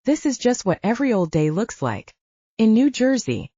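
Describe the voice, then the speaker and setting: A woman voicing an easygoing young male barista who jokes and reassures in a relaxed way. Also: on the high side, moderate pace, husky, dry recording, dull audio, voice pushed up. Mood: joking. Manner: relaxed, joking, protective.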